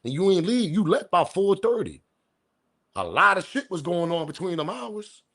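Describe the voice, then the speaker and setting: A man's voice: high voice, sing-song, normal speed, a bit bright. A man hosting a live-stream commentary show, talking in incredulous, argumentative street slang. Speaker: commentary channel host.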